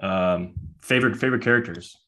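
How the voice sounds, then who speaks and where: A man's voice: low voice, brisk, bright, forceful tone. A man co-hosting a podcast, talking in a laid-back, chatty way with lots of casual filler. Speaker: podcast co-host. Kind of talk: casual chat.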